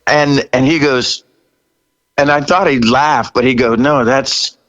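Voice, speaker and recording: A man in his sixties, a rock singer guest, telling stories in an interview with animated energy, laughing and acting out what people said. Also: medium pitch, unhurried, muffled recording. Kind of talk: storytelling interview.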